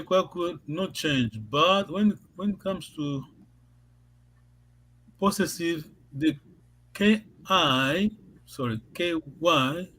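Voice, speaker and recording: A man teaching a language class on a video call, patient and halting, often repeating words and laughing. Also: a little high, a bit bright, low-quality recording.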